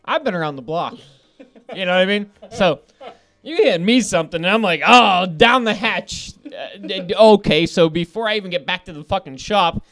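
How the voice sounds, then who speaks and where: A man's voice: high voice, animated, brisk. A man telling a rambling, profane story in casual podcast chat, laughing often as he goes.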